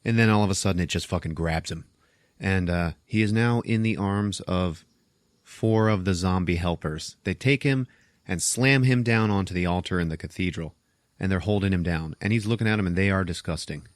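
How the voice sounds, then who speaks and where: A man hosting a podcast, casually retelling a film's plot as an animated, profane storyteller. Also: deep voice, brisk, no room sound, clean studio sound. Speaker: podcast host. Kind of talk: casual movie recap.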